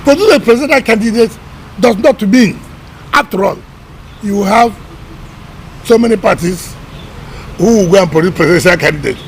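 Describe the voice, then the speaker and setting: Minister, middle-aged man, high gravelly voice, combative and emphatic in interview. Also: expressive, normal speed, pauses often, low-quality recording. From Nigeria. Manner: emphatic, combative, repeats words. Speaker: government minister. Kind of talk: press interview.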